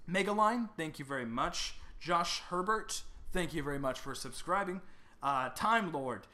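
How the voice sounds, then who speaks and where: A young man thanking subscribers one by one in casual chat, reading names haltingly and stumbling over pronunciations. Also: fairly high pitch, pushed and bright.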